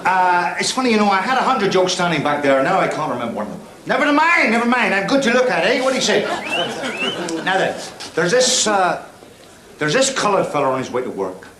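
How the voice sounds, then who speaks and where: A brash Belfast club comic. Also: male voice, high voice, huge pitch swings, brisk, a crowd in the background. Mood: cheeky. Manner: bawdy, teasing patter with the audience. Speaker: stand-up comic. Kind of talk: 1970s television drama. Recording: echoey room with loud background noise.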